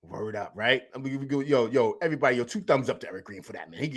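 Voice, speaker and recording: A man runs a live stream with a husky, mid-range voice, animated and quick with few pauses. He speaks casually in slang, says things more than once, and responds to viewers as he reads the chat out loud.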